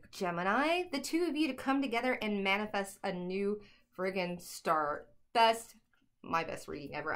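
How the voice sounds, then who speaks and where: A young woman giving a casual tarot reading to camera at home, chatty and excitable, laughing often. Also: mid-range voice. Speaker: tarot reader.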